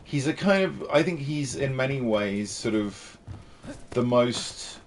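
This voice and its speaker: A man's voice: medium pitch, expressive, takes it slowly, slight background noise. A man streaming a game, chatting casually in a playful, jokey, rambling way. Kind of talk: casual gameplay chat.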